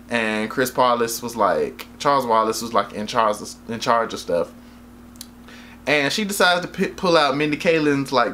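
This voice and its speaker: A man's voice: medium pitch, fairly bright tone, a little hiss or hum. A young man casually recapping a movie in a rambling, slangy, profane way, full of fillers and laughing at his own jokes. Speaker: vlogger reviewing a movie.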